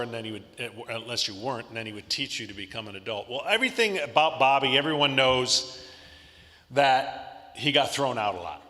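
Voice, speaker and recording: A man in his fifties giving an animated storytelling speech as a luncheon guest speaker, heard over a PA in a large hotel banquet hall. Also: medium pitch. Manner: animated anecdotes with laughs. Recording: long hall reverb.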